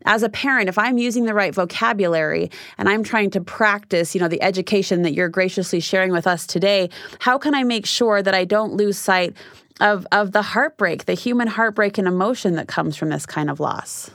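A woman's voice: medium pitch, brisk, a bit bright, no room sound, studio quality. A woman hosting an interview, asking thoughtful, articulate questions. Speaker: podcast host, interviewer. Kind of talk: conversational interview.

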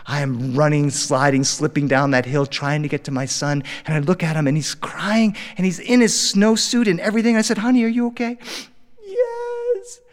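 A middle-aged man telling a personal story live in a studio before an audience, acting out the voices and swinging his pitch wide for drama. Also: fairly quick, hardly any pauses, big-room sound. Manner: animated, acts out dialogue with big pitch jumps.

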